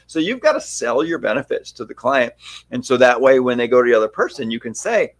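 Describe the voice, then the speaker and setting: A salon owner who also educates stylists chats casually and emphatically with a stylist colleague on a podcast, telling stories in an animated way. His mid-range voice moves at a normal speed, with no room sound in the recording.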